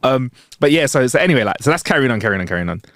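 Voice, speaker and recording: A man's voice: mid-range voice, big pitch swings, racing, a bit bright, no echo, clean studio sound. A man tells a long story on a podcast. He swears freely and acts out the people in it. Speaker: podcast co-host. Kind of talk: casual storytelling chat.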